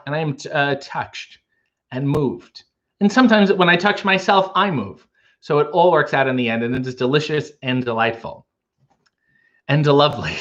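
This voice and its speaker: A man hosting a home livestream, answering chat with rambling, deadpan jokes. His voice sits a bit high for a man. The audio is dull and lo-fi, like a muffled stream. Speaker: livestream host reading chat. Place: home, making coffee.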